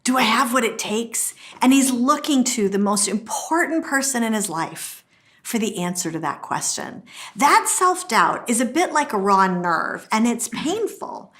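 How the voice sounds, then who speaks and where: A middle-aged woman teaching a marriage course, telling stories and acting out quotes with a lively delivery. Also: a little high, unhurried. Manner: lively storytelling, acts out quotes. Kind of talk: teaching talk to camera.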